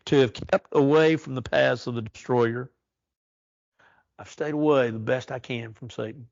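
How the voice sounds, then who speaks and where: Man teaching bible study, gravelly voice, dull lo-fi church recording, earnest. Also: mid-range voice, dry recording. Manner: earnest, reads verses slowly and emphatically.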